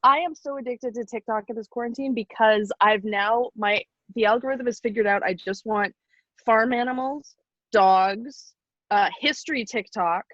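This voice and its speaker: A young adult woman chatting casually on a podcast, pitching ideas and laughing often. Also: moderate pace, fairly bright tone, no echo, highs cut off.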